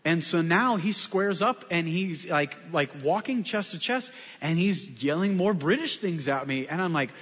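A man, a pastor, telling a story in a sermon with animated, self-mocking humor. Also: a little high, normal speed, hardly any pauses, breathy edge. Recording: muffled sound with long hall reverb.

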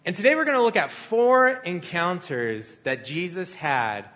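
A man's voice: high-pitched, measured pace, dull audio. A young man giving a sermon, telling a personal story in a conversational way and acting out what people said. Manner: storytelling, conversational, animated quoting. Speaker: pastor.

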